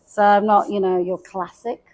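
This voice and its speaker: A woman's voice: medium pitch, level tone, moderate pace, darkish tone. A middle-aged woman, a guest coach, telling her story in casual, candid chat, self-mocking and lightly swearing.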